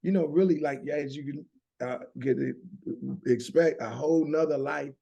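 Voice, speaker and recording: Southern drawl guy, middle-aged, gravelly voice, earnest chat, keeps restarting. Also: a little high, normal speed, warm tone, lo-fi sound. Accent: Southern American drawl. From United States. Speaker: guest. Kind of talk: conversational storytelling.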